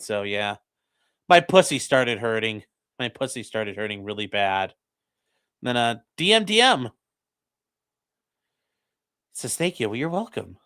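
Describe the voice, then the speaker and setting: Young guy on a late night stream, bouncy pitch, joking around crude and loose. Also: bright, forceful tone. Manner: loose, joking and crude, reads chat aloud. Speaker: livestream host reacting to a trial. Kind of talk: casual late-night livestream chat. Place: home.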